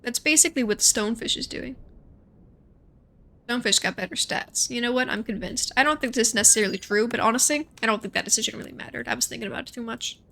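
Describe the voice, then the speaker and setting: Young woman streamer, higher bright voice, rambling self-talk while gaming. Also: gravelly, a little hiss or hum. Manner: chatty, thinks aloud, quick asides and self-talk. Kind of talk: casual gameplay commentary.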